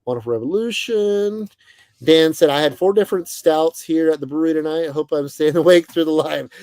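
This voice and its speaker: A young man hosting a casual livestream, greeting viewers by name and chatting in a relaxed, friendly way with plenty of fillers. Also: fairly high pitch, fairly quick, smooth, no room sound. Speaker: livestream host. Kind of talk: casual chat reading viewer comments. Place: bus, indoors.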